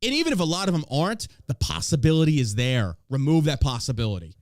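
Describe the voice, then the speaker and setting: A man's voice: fairly high pitch, sing-song, fast, no echo, clean studio sound. Heated, profane male podcast host. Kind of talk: ranting political podcast talk.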